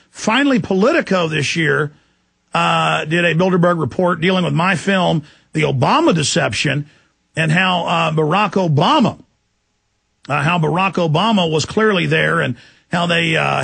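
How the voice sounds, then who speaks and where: A man hosting a talk radio interview, speaking in a forceful, urgent way. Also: a little high, gravelly, husky, dry recording. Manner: forceful, urgent, rapid asides. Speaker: radio host.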